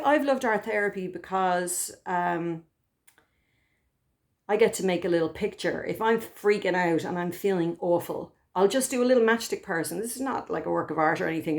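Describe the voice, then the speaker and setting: Gentle woman therapist. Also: medium pitch. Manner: gentle, thoughtful, with soft pauses and restarts. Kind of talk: reflective spoken talk to camera.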